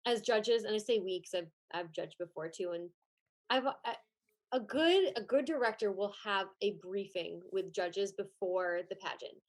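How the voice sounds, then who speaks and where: A chatty young woman speaks as a podcast guest with a mid-range voice. Her talk is casual, full of "like" and quick laughs. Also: medium pitch. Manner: chatty, laughs often, heavy use of "like". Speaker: podcast guest, former pageant contestant and judge.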